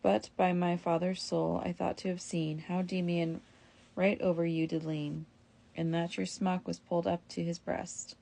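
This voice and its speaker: Woman voicing old jealous husband, outraged, low pitch, gravelly, storybook reading. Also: flat delivery, unhurried, mellow. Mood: placating. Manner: outraged, then placating. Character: old jealous husband, newly sighted, bellowing.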